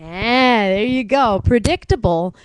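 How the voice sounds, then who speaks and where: A woman chats casually and tells family stories with lively energy, slipping into playful voices now and then. Her voice sits a little high. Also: a little slow, slight background noise, poor audio. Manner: animated storyteller, jumps into silly voices. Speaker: podcast co-host. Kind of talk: casual chat.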